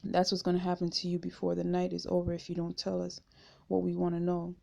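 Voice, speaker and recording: A woman's voice: fairly low pitch, monotone, fast talker, gravelly, a little mellow. A woman reading the lines of a menacing male state trooper, blunt and threatening.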